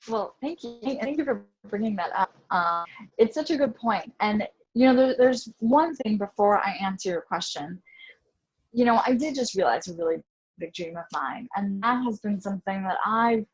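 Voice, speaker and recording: A woman in her thirties speaks in a husky, breathy voice at a middling pitch, earnest and reflective, with lots of "you know" and repeated words. She is a life coach talking over a headphone mic on a video call, and the call audio glitches now and then. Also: expressive, normal speed, low-quality recording. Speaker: life coach, interview guest. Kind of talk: casual conversational interview.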